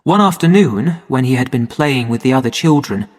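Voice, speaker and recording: A man narrating a story for English learners in a slow, clear and measured way. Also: mid-range voice, expressive. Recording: long hall reverb.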